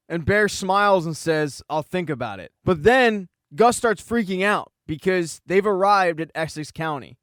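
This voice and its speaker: A man hosting his channel, telling a TV episode recap as scripted narration in a brisk storytelling way. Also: fairly high pitch, dry recording, studio quality. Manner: brisk storytelling, reading quoted dialogue in his own voice. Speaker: channel host.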